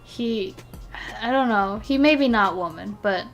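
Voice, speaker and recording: A young woman streaming, chatting casually in an excitable, rambling way, sleepy and yawning between thoughts. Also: mid-range voice, unhurried, dull audio, soft background music. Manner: excitable, rambling, giggly, with restarts. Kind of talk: casual chat while ranking game characters.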